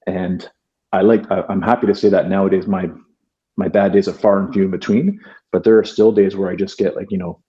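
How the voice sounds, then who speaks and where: A man from Canada, a podcast guest, speaking in an earnest, halting way with many fillers and restarts. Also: deep voice, flat delivery, mellow, dull audio. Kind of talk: reflective interview talk.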